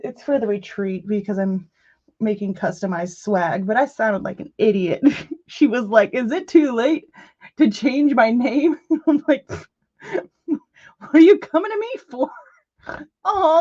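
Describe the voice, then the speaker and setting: Animated woman hosting a crafts stream. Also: a little high. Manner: animated storytelling, quick asides to chat messages. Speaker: craft live stream host. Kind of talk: casual chat. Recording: muffled lo-fi audio.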